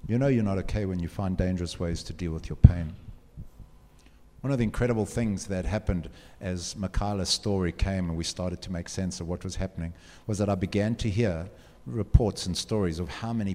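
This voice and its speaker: With a low-sitting, darkish voice, a man delivers an earnest motivational talk, asking the students he addresses direct questions. The recording has the long reverb of a hall.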